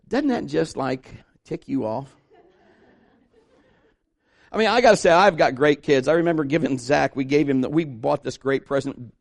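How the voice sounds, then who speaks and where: Man preaching a folksy sermon. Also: a little high. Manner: folksy storytelling with rhetorical questions. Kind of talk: conversational sermon.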